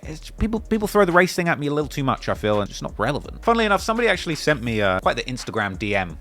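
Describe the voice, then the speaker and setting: A young man with an English accent talks through viewer comments on his channel. He is emphatic and animated, and his pitch leaps up and down as he makes his points. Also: rapid-fire, hardly any pauses, faint music behind. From England. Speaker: YouTube commentator. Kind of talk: reading and answering viewer comments.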